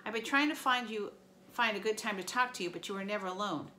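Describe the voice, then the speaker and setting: A woman's voice: mid-range voice, fast talker, pushed and bright, a little hiss or hum, lightly acted. A woman voicing a fierce, impatient teenage girl who talks in curt, urgent bursts.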